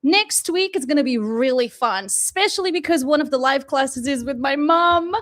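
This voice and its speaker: A woman's voice: sits high, expressive, moderate pace, fairly bright tone. A woman teaching a live online class from her home kitchen, bubbly and gushing, laughing often. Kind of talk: live-streamed class, casual and chatty.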